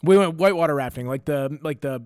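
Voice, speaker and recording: Young dude, kinda high voice, telling wild stories all excited, lots of swearing, dry close sound. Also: male voice, fast, smooth, no room sound. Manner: animated, acts out quotes, swears freely, says "dude". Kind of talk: casual storytelling chat.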